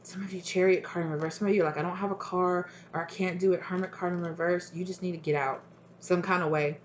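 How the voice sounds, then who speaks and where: A tarot reader with a fairly low, steady voice speaks fast through a casual reading, blunt and rambling with many fillers, cursing freely and playing out people's reactions in quoted voices. The audio has the highs cut off and slight background noise.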